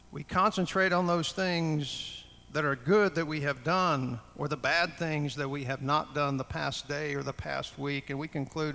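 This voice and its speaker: A man's voice: on the high side, a little slow, vocal fry, hardly any pauses, fairly bright tone. A man preaching a sermon to a congregation in a conversational way, often putting questions to his listeners. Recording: long hall reverb.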